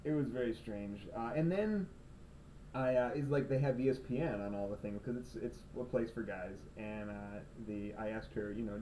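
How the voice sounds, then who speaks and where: A man's voice: medium pitch, normal speed, dark tone, distant mic, low-quality recording. A young man rambles through a sarcastic, self-mocking comic vlog monologue in his room at night. He sits a little back from a cheap camera's built-in mic, with faint room noise behind him. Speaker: video blogger.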